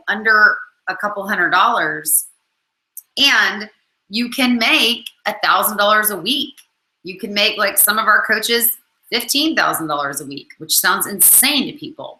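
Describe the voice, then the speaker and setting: A woman's voice: mid-range voice, sharp tone, echoey room, low-quality recording. A woman network marketing coach talking casually to her followers, full of "um" and "like", with the hiccups. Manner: chatty, many fillers like "um" and "like". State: has the hiccups. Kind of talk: casual video talk to followers.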